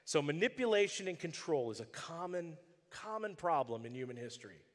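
A man's voice: a little high, brisk, big-room sound. A male pastor preaching a sermon, telling stories with animation and acting out the characters' voices. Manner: animated storytelling, acts out voices.

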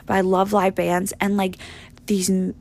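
A woman's voice: medium pitch, monotone, measured pace, gravelly, darkish tone. A young woman hosting a podcast, rambling in a blunt, profane, casual monologue full of fillers. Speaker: podcast host.

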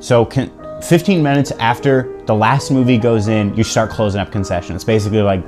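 A man's voice: lowish voice, fairly even intonation, brisk, music in the background. A young man co-hosting a casual podcast chat, telling stories and acting out the people in them. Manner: storytelling, acts out customers in funny voices. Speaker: podcast co-host.

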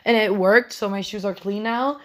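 A woman's voice: mid-range voice, steady tone, moderate pace, a bit bright. A young woman hosts her own podcast alone, telling stories in a loose, rambling way. She swears freely and keeps correcting herself mid-sentence. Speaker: podcast host. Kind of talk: casual solo podcast chat.

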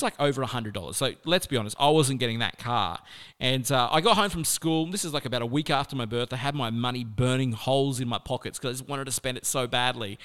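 Smooth-voiced Australian man telling a story. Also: medium pitch. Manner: chatty, animated, peppered with "like". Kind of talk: personal storytelling talk.

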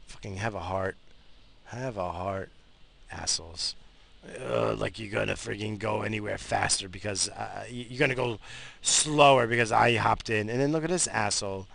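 While driving, a middle-aged radio show host grumbles and rambles profanely through a casual monologue, easily aggravated. His voice is lowish and gravelly with a fairly bright tone, at a normal speed.

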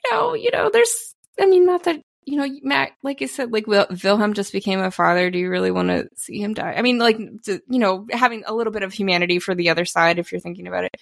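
A woman co-hosting a podcast in casual chat, animated, acting out quotes from a film. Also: medium pitch, quick pace, gravelly, few pauses, dry recording, studio quality. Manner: animated, acts out quotes, laughs often. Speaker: podcast co-host.

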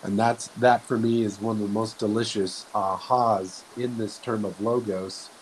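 A man talking slowly and earnestly in a reflective spiritual way, often restarting his sentences. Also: fairly low pitch, little pitch movement, low-quality recording. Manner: slow, soft-spoken, earnest, with frequent restarts. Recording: faint hiss.

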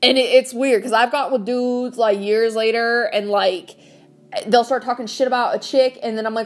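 A woman's voice: on the high side, fairly even intonation, moderate pace. A woman in her late twenties ranting casually about a guy, blunt and swearing constantly, with a lot of filler "like". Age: late 20s. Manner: blunt, heavy swearing, lots of "like". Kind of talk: casual storytelling rant.

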